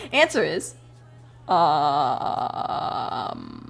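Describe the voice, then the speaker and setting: Young woman streamer, casual profane rambler, animated pitch, faint music behind. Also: drawn-out words, gravelly. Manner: rambling, profane, laughing often. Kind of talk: casual chat while drawing.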